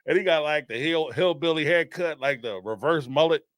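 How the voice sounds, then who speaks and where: This male host's voice sits fairly high, recorded at studio quality without any echo. Running a live call-in show, he offers loose, rambling stream commentary, animated and quick to laugh, and he performs the quotes he relays.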